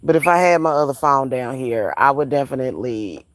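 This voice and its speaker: A woman's voice: extremely low pitch, lively intonation, a little fast, no room sound. A woman vlogger ranting casually at home, blunt and profane, repeating phrases for emphasis. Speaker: spiritual reader and vlogger.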